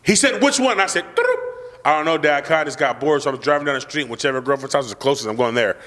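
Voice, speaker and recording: A man's voice: mid-range voice, fast talker, fairly bright tone, long reverb tail. A young man hosting a casual chat, telling a boastful, profane, slang-heavy story. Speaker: podcast host telling a story.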